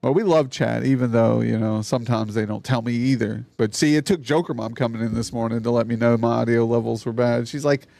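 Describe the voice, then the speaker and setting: A man's voice: medium pitch, fairly even intonation, a little fast, creaky, few pauses, dark tone, dry recording, faint music behind. A man hosting a live stream, chatting casually and loosely with a guest and his chat and swearing freely. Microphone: streaming mic on a mixer.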